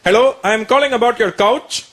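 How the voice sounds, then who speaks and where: A man voicing his irritable older immigrant father scolding someone on the phone, loud and exasperated, over loud crowd laughter. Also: very high voice, normal speed.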